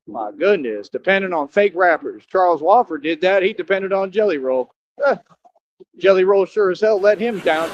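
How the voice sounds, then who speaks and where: A man giving a rambling, boastful livestream monologue outdoors near a highway, scolding his viewers and repeating himself. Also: animated, moderate pace, a little hiss or hum, rough recording. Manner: talks straight to his viewers, scolding them.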